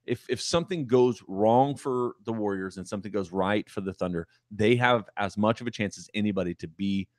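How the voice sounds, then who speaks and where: Lower-voiced man in excited podcast chat. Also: brisk, few pauses, no echo, clean studio sound. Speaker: podcast co-host. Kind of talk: casual sports podcast chat.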